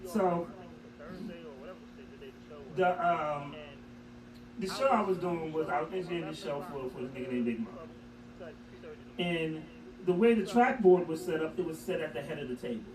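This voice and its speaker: A man's voice: fairly high pitch, moderate pace, pauses often, echoey room, far from the mic, a crowd in the background, low-quality recording. A man co-hosting a radio talk show, telling profane stories with laughter. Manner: animated, profane storytelling with laughter. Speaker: radio show co-host and engineer. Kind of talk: casual storytelling chat.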